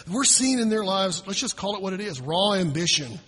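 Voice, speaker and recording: High-voiced husky pastor preaching in a hall. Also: male voice, lively intonation, brisk, a bit bright. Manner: conversational preaching with acted-out quotes. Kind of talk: sermon.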